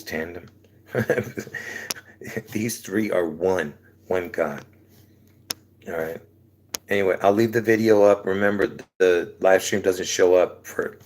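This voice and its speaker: A man's voice: deep voice, slight background noise. A man preaching casually to his channel on a livestream, rambling, chuckling between phrases and asking "all right?" again and again, with a sore throat.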